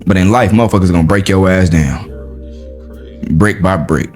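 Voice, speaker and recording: A man's voice: moderate pace, soft background music. Blunt, preachy man with street slang. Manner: lively, swings between high exclaims and low emphasis. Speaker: podcast host. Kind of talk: motivational monologue.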